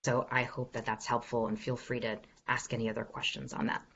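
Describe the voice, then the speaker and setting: A woman's voice: very deep voice, level tone, brisk, vocal fry, a bit bright, husky, lo-fi sound. A woman voice coach answering questions in an online workshop, upbeat and encouraging as she demonstrates exercises. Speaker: executive voice coach. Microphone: video call.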